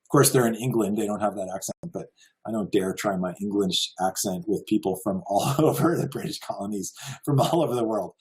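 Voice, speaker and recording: A man's voice: on the low side, a little fast, darkish tone, poor audio. An American man giving a casual slideshow lecture, earnest and full of wonder, chuckling now and then. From United States. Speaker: presenter.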